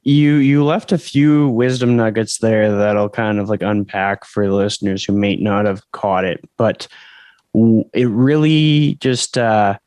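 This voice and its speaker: A male podcast host with a fairly low voice picks up his guest's points and reflects on them. He talks casually, and his sound is dry and close. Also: fairly even intonation, a little slow, darkish tone, dry recording.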